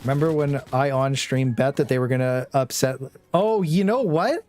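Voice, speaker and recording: A man's voice: medium pitch, moderate pace, darkish tone, faint music behind. A young man casually chatting with his viewers during a game live stream, rambling and joking, often with a laugh. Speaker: gaming streamer.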